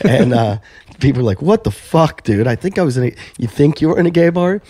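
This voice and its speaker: Mellow-voiced podcast host telling stories. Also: male voice, medium pitch, animated, fast talker, slightly rough, dry recording, studio quality. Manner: storytelling, acting out both sides of conversations. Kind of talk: casual chat.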